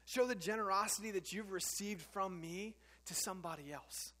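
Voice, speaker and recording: A man voicing God as a gentle, patient father, soft and reassuring. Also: sits high, moderate pace, long reverb tail.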